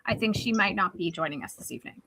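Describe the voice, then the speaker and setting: A woman's voice: medium pitch, lively intonation, quick pace, bright, forceful tone, breathy edge. A woman literary agent taking part in a live video Q&A. She laughs easily and passes on updates. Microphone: video call.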